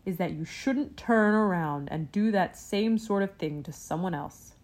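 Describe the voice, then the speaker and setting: A woman voicing a kindly father bear in a storybook reading, speaking lower and in a measured way. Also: darkish tone. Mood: explaining.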